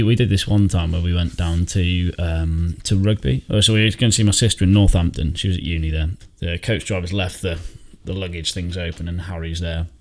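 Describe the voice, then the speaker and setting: Low-voiced man with dry banter. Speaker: podcast co-host. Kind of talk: casual chat.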